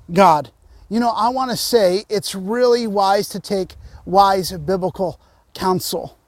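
Male pastor, high voice, earnest preaching, dry recording. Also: dry recording. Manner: earnest, direct appeals to listeners. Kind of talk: sermon.

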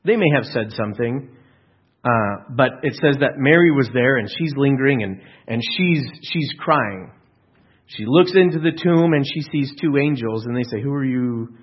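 A man's voice: mid-range voice, breathy edge, muffled recording. A man preaching a sermon in an earnest, emphatic way, with rhetorical questions and frequent restarts. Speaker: pastor.

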